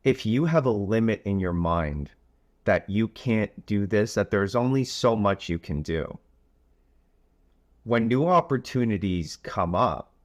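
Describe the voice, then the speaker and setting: A man who hosts a coaching podcast, telling a story in a relaxed way with frequent filler phrases. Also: fairly low pitch, unhurried, no echo. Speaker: youth soccer coach and podcast host.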